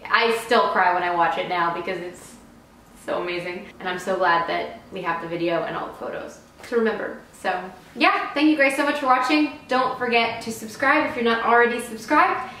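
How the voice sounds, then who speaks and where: Young woman vlogger, casual storytime, excited and chatty, mid pitch, heavily echoey room. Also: moderate pace, slight background noise. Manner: chatty, excited retelling with frequent laughs.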